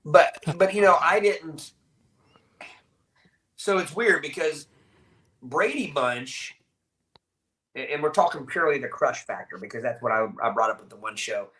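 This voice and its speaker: A man runs a live podcast chat in a bright, forward voice. He rambles and keeps restarting his sentences as he works toward his point. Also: fairly high pitch, low-quality recording. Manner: rambling, halting, many restarts. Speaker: podcast host.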